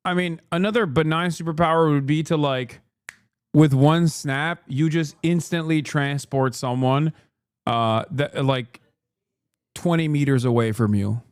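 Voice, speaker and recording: A male streamer rants in heated, profane, sarcastic commentary. His voice sits fairly high for a man. The sound is dry and close. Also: measured pace, smooth, no echo. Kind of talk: live-stream rant commentary.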